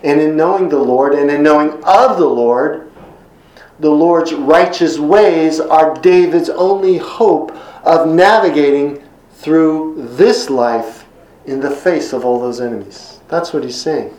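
A middle-aged male pastor delivers an earnest sermon, leaning on repeated words and slowing for scripture. His voice sits a little high for a man. The room around him is noticeably echoey. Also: a little mellow. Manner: earnest, emphatic repetitions, slows for scripture quotes.

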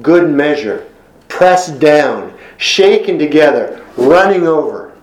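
A man preaching a sermon in an earnest, emphatic way, slowing down to stress key phrases. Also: a little high, expressive, reverberant, rough recording.

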